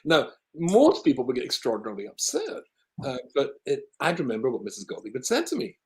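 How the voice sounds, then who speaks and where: A man's voice: mid-range voice, wildly swooping pitch, fast, a little mellow, low-quality recording. A Scottish man from Scotland, a guest speaker telling stories in conversation with wry, self-deprecating humour. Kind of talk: conversational storytelling.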